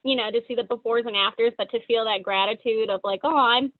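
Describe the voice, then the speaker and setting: A woman's voice: on the high side, fairly even intonation, quick pace, dry recording. Dental hygienist woman, dry tinny call audio. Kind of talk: casual interview answers.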